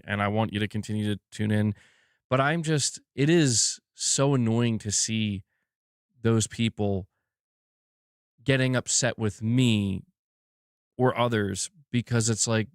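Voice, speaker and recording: A man's voice: mid-range voice, clear, resonant tone, no room sound, studio quality. A man hosting a live gaming news stream, talking casually and ranting candidly, swearing freely. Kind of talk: casual livestream talk.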